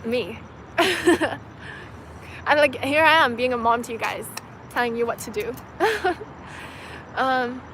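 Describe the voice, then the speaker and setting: A woman's voice: a little high, a little fast, fairly bright tone, slight background noise. A young woman from China hosting a casual livestream outdoors, chatting loosely with lots of "like" and "you know" and laughing often. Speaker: livestream host answering viewer comments. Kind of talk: casual chat.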